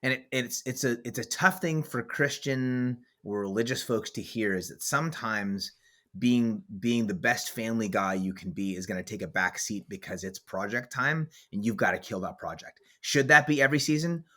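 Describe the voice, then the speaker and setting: A man's voice: mid-range voice, normal speed, fairly bright tone. A man hosting a podcast as author and coach, talking in a blunt, emphatic way with vivid swearing. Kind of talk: casual podcast conversation.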